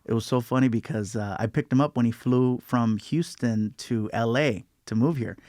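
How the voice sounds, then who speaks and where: A man being interviewed as a comedian guest, telling stories in a casual, lively way and often slipping into other people's voices. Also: medium pitch, normal speed, no echo, clean studio sound. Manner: storytelling, lively, breaks into voices.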